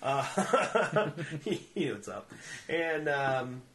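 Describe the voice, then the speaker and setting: A man co-hosting a podcast, telling a story in casual, profane chat and acting out the quotes in high voices. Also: very animated, very slow, fairly bright tone, slight background noise.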